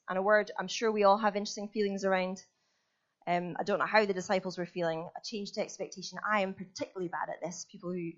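A woman's voice: medium pitch, muffled recording. A woman preaching a sermon in a chatty, self-deprecating storytelling manner.

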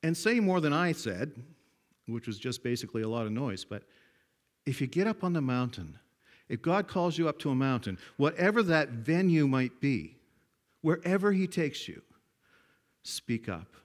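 A man's voice: mid-range voice, very animated, moderate pace. Folksy older man preaching with stories. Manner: folksy storytelling, swings from hushed to loud. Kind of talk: sermon.

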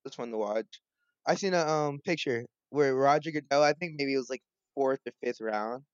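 A man's voice: mid-range voice, normal speed, clear, resonant tone, dry recording. Playful young man, slightly dull audio. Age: young adult. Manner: animated, playful, laughs easily. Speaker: podcast co-host. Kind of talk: casual sports podcast chat.

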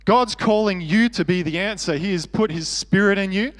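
A man's voice: sits high, moderate pace, in a large hall. An Australian man preaching a sermon as pastor, earnest and conversational with self-deprecating humor.

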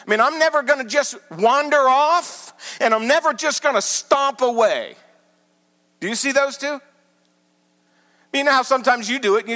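Animated male pastor in a reverberant hall. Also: very high-pitched, normal speed. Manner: animated teaching with emphatic repetition. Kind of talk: sermon. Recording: large hall with long reverb.

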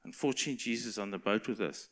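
This man delivers a sermon in a bright, forceful voice, earnest and encouraging. He talks loosely, restarting his phrases and laughing lightly now and then. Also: lowish voice, rapid-fire. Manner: earnest, encouraging, with self-corrections and small laughs. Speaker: preacher.

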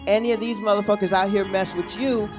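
A woman's voice: medium pitch, fairly even intonation, fast, close to an everyday voice. A woman voicing a blunt old female grocery cashier who gives bossy, streetwise advice, over background music. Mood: commanding.

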